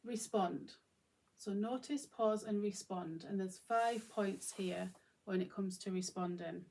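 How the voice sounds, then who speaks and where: A woman's voice: mid-range voice, slow pace, a little mellow. A woman hosting her own channel, talking reflectively and informally to camera with plenty of fillers and restarts. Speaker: channel host. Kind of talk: reflective solo talk to camera.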